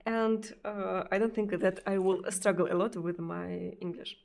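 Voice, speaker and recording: A woman with a Russian accent, a native Russian speaker, chatting casually with viewers on a live stream. She hesitates often, repeating words and filling pauses. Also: mid-range voice, fairly even intonation, vocal fry, a little mellow. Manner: hesitant, many fillers and repeated words, frequent laughs.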